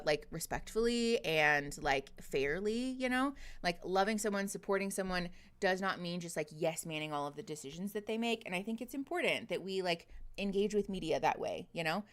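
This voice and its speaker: A woman's voice: lowish voice, smooth. Giggly, chatty woman streamer. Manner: chatty, giggly, swears casually, lots of "like" fillers. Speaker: livestream host. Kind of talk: casual livestream chat with viewers. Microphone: close desk microphone.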